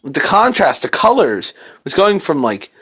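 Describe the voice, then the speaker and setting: A man's voice: on the high side, sing-song, a little slow, sharp tone, husky. A man telling a first-person creepypasta horror story in a casual, profane, dramatic way.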